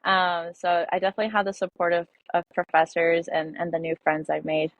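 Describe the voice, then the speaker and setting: Brief: young woman, lowish voice, hesitant personal storytelling, dry dull lo-fi audio. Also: level tone, no echo. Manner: halting, filler-heavy, emotional retelling. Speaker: podcast guest.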